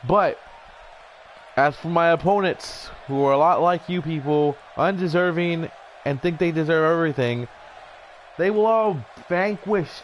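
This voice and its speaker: A smug, preening wrestling heel champion, delivered in a somewhat raised voice as a man puts him on. He talks down to the crowd in a pompous, taunting way and breaks into shouts at times. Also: on the high side, a little slow, slight background noise, natural voice, poor audio. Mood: smug insulting. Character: vain arrogant male wrestling champion heel. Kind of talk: improvised wrestling promo over a video game.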